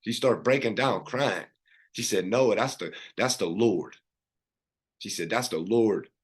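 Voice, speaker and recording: A middle-aged man, a podcast guest, telling a personal story in an earnest, animated way with many restarts. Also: on the low side, measured pace.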